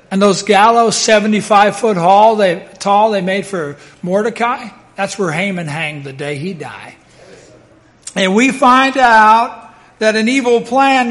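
A male preacher with a notably high voice for a man, preaching a sermon. He is dramatic and emphatic, rising to loud declarations and then dropping into hushed, solemn asides.

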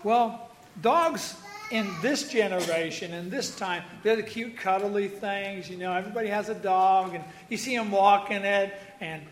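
A man's voice: high-pitched, moderate pace, reverberant, slight background noise. A man preaching a sermon, folksy and joking, with asides to members of the congregation. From Iowa. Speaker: pastor.

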